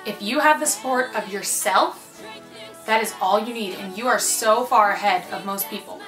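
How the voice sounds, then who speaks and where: Young adult woman, earnest and encouraging; bright tone, echoey room with soft music under her. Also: medium pitch, moderate pace. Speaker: advice speaker. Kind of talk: casual advice talk.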